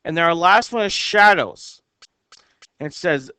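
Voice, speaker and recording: A man teaching a lesson, slowly counting the syllables of short poems and reading their lines aloud word by word. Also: fairly high pitch, lively intonation, sharp tone, clear, resonant tone, no room sound. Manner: slow and careful, reads lines out word by word. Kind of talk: explaining haiku syllable counts.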